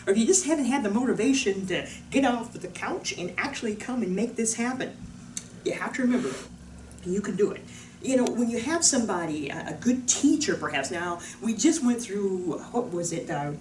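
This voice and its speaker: A woman who works as a wellness trainer, telling a story to the camera in a casual, animated way. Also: far from the mic. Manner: animated, swings into loud high-pitched voices for quotes. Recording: echoey room from off the mic with faint noise.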